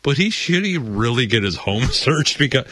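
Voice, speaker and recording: A man co-hosting a comedy podcast, trading crude wisecracks with his partner. His pitch swings widely, very animated, though his voice sits at an ordinary middle height. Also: no echo. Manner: wisecracking, quick quips. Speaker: podcast co-host.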